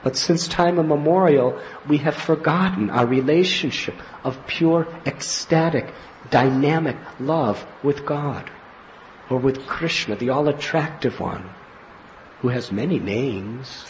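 A man giving a devotional spiritual talk as a teacher, telling anecdotes in an animated way and acting out scenes. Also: medium pitch, a little slow, slight background noise. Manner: animated storyteller, acts out scenes with laughs and cries. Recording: slightly muffled lo-fi recording with faint ambience.

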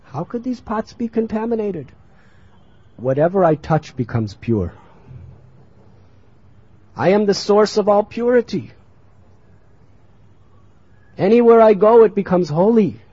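A man's voice: high voice, animated, a little slow, pauses often, warm tone, slightly rough, pitched above the performer's own voice, full character voice. A man voicing a young divine boy who speaks with earnest confidence, on a muffled lo-fi recording. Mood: serene. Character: young boy, divine and boldly self-assured.

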